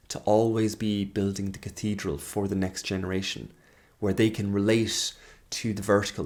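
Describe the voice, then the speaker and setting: Earnest man musing in a low voice. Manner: earnest, searching, trails off and restarts. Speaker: podcast host. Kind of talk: reflective monologue.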